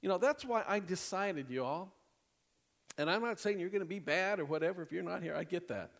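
Male pastor, slightly high voice, preaching with big swings from loud to hushed, chatty and laughing; long church-hall reverb. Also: a little fast, creaky. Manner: animated preaching, swinging from loud bursts to hushed near-whispers, laughing often. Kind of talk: sermon. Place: church sanctuary.

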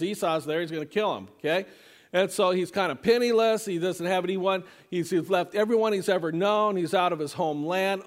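A man preaching a sermon in a conversational way, often repeating words and restarting sentences. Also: sits high. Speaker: pastor.

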